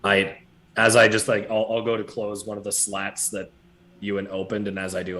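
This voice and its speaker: A man's voice: fairly low pitch, monotone, moderate pace, a bit bright, slight background noise. A man playing a tabletop game, talking hesitantly and restarting his sentences. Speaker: player.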